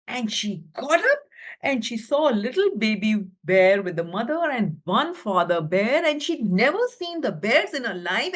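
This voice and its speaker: Unhurried yet full of big pitch swings, a teacher trainer's slightly high, fairly bright voice tells a children's story to an online webinar audience. She has a South Asian English accent, whispers to build suspense, and asks questions, all through a computer mic on a video call.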